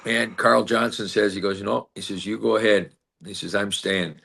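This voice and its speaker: A man's voice: lowish voice, fairly even intonation, normal speed, vocal fry, bright, forceful tone, slightly rough. A man in his sixties, a former player and team broadcaster, telling stories in an interview with many fillers and acted-out quotes. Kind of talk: storytelling in an interview.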